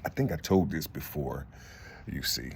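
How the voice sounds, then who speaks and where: Low-voiced man rambling to his viewers. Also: expressive, normal speed, vocal fry, a little hiss or hum. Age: 50s. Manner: rambling, repeats "you see", many fillers and restarts. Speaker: vlogger. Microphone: phone.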